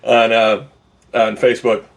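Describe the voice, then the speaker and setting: A man hosting a casual sports betting podcast, who is animated and opinionated and often laughs. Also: on the low side, measured pace, creaky. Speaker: podcast host.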